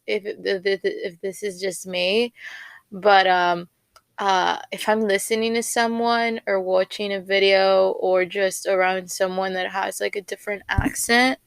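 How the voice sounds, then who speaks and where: Rambling young woman podcaster, smooth dry voice. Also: medium pitch, fairly even intonation, unhurried, dry recording. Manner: rambling, filler-heavy, repeats words. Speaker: podcast host. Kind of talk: casual solo podcast chat.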